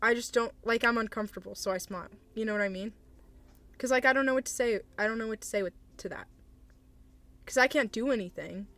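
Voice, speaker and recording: A woman's voice: a little high, quick pace, fairly bright tone. A young woman streamer giving casual advice to chat, hesitant and apologetic, with awkward laughs.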